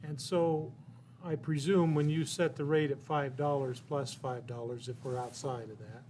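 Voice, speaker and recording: A man asking a council presenter measured questions. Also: mid-range voice, fairly even intonation, darkish tone, slight background noise. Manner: measured, inquiring. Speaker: city council member.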